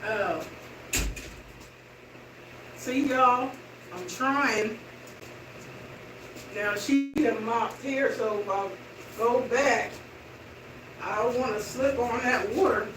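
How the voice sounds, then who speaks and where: A middle-aged woman vlogging in casual chat to her viewers while slowly walking and exercising indoors. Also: fairly high pitch. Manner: chatty, slow walking while talking. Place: indoor room with hardwood floor. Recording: roomy, distant and noisy room sound.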